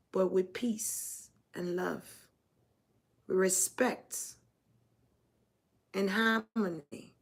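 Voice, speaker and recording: A woman doing a channeled spiritual reading, halting and emotional as she searches for words. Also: mid-range voice, vocal fry, a bit bright. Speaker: spiritual reader.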